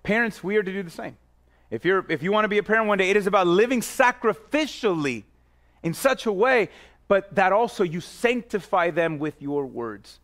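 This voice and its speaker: A man with a high-pitched voice preaches like he's chatting with his congregation. He speaks directly to parents and kids, restarts phrases and repeats himself, and often drops his voice low and quiet to drive a point home. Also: animated, moderate pace. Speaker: pastor. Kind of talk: sermon.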